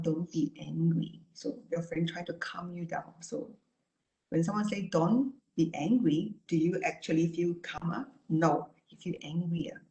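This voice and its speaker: A woman therapist giving an online talk and answering questions, speaking calmly and repetitively with many "you know" and "right?" asides. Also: fairly low pitch, reverberant.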